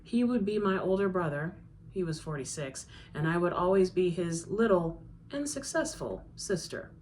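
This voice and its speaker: A woman's voice: fairly low pitch, animated, normal speed, a little mellow, slight background noise. A woman author reading her own novel aloud in a conversational first-person narration. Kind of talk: audiobook-style reading.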